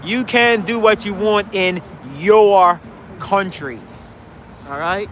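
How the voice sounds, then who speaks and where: A man's voice: high-pitched, animated, takes it slowly, fairly bright tone, slight background noise. A man giving a heated, rhetorical street speech outdoors, challenging the crowd. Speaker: street speaker. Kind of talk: impassioned street debate speech. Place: outdoors in a city park.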